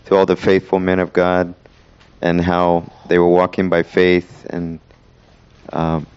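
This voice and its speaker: Deep, flat-voiced man leading Bible study. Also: clean tone, highs cut off. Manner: casual, many fillers, reads verses slowly.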